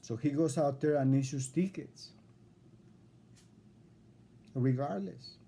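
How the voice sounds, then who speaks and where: Indignant man with a very dark voice. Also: a little high, slow. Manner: indignant, lecturing, repetitive. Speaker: self-represented litigant addressing a judge. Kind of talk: recorded complaint video.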